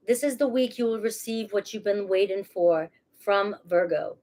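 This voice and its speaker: Speaking at a moderate pace with hardly any pauses, this woman has a mellow, medium-pitched voice. She offers a casual tarot reading to camera, chatty and reassuring, sprinkling in "all right" and "okay." She often restarts phrases and laughs at herself.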